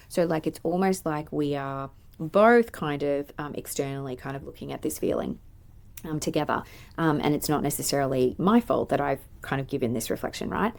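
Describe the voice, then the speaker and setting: A woman's voice: low-pitched, creaky, a little mellow. A woman, a play therapist, hosting a podcast and explaining therapy skills in a thoughtful way with many filler ums. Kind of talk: teaching podcast monologue. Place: playroom.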